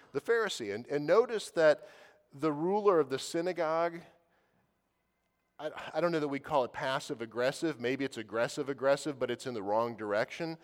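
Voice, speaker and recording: Guy preaching casual-like, stumbles and repeats words, long echo from the hall. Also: mid-range voice. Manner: conversational, repeats words while thinking. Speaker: pastor. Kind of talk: sermon.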